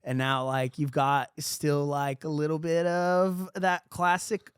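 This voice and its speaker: A man's voice: on the high side, flat delivery, slow pace, clear, resonant tone, no echo, studio quality. A man co-hosting a comedy podcast, chatting casually and playfully, often breaking into silly voices and laughter. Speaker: podcast co-host.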